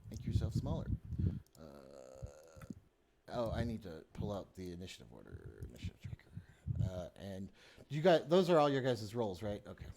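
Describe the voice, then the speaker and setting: A man's voice: lowish voice, very animated, moderate pace, darkish tone, slight background noise. A man narrating as game master in a live-play tabletop game, casual and rambling, with many fillers.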